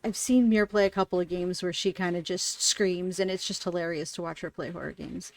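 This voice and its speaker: A woman's voice: fairly low pitch, steady tone, a little fast, a little mellow. A woman hosting a podcast interview, chatting in a rambling way and laughing often. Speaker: podcast host. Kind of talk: casual interview chat.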